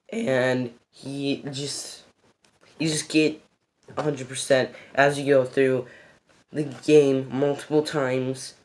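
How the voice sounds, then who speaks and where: Unhurried, rambling game vlogger; excitable, loses the thread, restarts, mid-pitched voice. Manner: rambling and excitable, repeats "freaking epic". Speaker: gaming video host. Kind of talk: casual game recommendations.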